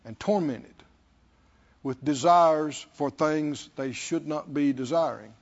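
A man's voice: on the high side, takes it slowly, lo-fi sound. A man preaching a sermon, telling stories, repeating words for emphasis and asking the congregation "Hmm?". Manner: lively storytelling, asks the congregation "Hmm?".

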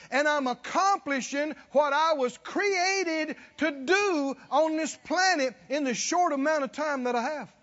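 A man's voice: extremely high pitch, a bit bright, big-room sound. A man preaching a sermon, folksy and chuckling, calling out to his listeners to respond. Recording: dull lo-fi recording.

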